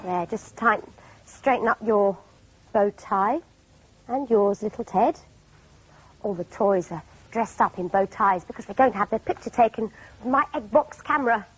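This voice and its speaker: A woman's voice: mid-range voice, normal speed, husky. A woman presenting children's TV in a cheerful, playful way, talking and singing to toys.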